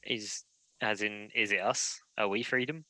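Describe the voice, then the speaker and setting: A man at a tabletop game reads out a spell's rules in an even, steady way. His voice is bright and forward, recorded dry with little room sound. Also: fairly low pitch, a little slow, no echo. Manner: reads rules text aloud evenly. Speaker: player.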